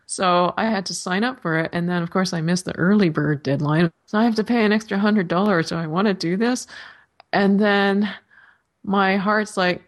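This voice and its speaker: A woman's voice: mid-range voice, moderate pace. A woman guest in an interview, telling her story casually and acting out her own inner voices with animation. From California. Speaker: author guest.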